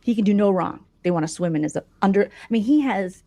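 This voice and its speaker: A woman hosts a live show, spinning mocking gossip with comic flair. Her pitch swoops widely while sitting in an ordinary middle range, and she jumps into silly voices when quoting people. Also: fast. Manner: mocking, animated, puts on voices for quotes. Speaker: livestream host. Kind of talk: gossipy comedic storytelling.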